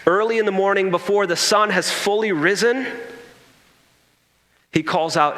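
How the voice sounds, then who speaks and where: Male pastor, fairly high and bright voice, animated storyteller who acts out the quotes, with a long church-hall echo. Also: a little slow. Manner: animated storytelling, acting out quotes with humorous asides. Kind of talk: sermon. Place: church sanctuary. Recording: echoey church hall reverb.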